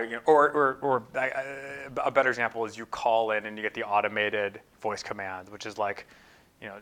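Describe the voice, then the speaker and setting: A man's voice: fairly low pitch, little pitch movement, brisk, pushed and bright. A man speaking as a guest at a talk, answering audience questions in a thoughtful way with frequent fillers and restarts. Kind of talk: conference Q&A answers.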